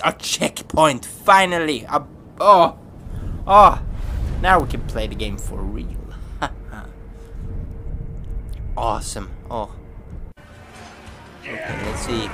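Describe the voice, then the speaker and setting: A man giving excitable gameplay commentary, yelping, swearing and laughing. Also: a little high, noisy background. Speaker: gamer. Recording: game music behind the voice. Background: game music.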